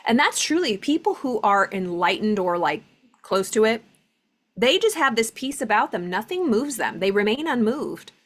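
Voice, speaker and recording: A woman's voice: a little high, big pitch swings, normal speed. A woman giving a casual spiritual lesson, talking loosely with lots of fillers and reading passages aloud. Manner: conversational, many "like" fillers, reads passages aloud. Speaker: spiritual teacher.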